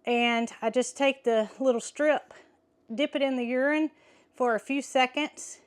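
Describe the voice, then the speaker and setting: A middle-aged woman, chatting excitedly to viewers in a vlog while walking in a pasture, a little out of breath. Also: high voice, a little slow, no room sound. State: slightly out of breath. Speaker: farm vlogger. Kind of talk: casual vlog narration. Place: outdoors in a pasture.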